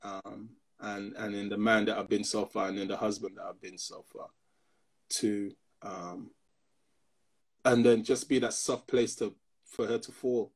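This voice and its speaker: A man's voice: fairly low pitch, a little slow, slightly rough. A man in his fifties, a pastor, telling personal stories in a casual discussion and acting out the other people in them. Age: 50s. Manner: animated storyteller who acts out other people's voices.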